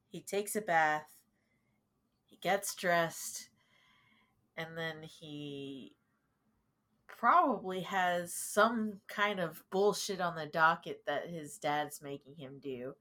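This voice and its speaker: A woman's voice: fairly low pitch, slow pace, fairly bright tone. A woman playing in a tabletop game, describing her character in a casual, joking way with plenty of swearing. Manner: profane, joking, laid-back. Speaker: player.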